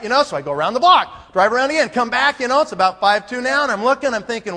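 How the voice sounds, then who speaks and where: A man's voice: very high-pitched, very fast, few pauses. A man speaking at a business conference who tells a comic story, acting out each person in it. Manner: animated, acts out every character. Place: large conference hall. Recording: long hall reverb.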